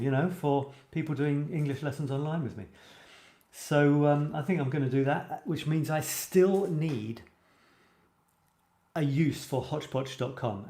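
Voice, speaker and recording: Guy chatting away on a writing livestream, mid pitch, kinda echoey room. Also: mellow. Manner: chatty, enthusiastic, reads comments aloud. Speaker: host of a live writing show. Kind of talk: casual live-stream chat. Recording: roomy echoey sound.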